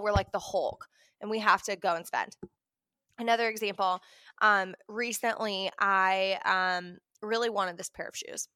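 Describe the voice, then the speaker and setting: A woman's voice: mid-range voice, normal speed, dry recording. Chatty young woman, dry close sound. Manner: chatty, animated, acts out her own reactions. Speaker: personal finance vlogger. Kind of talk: casual talk to camera.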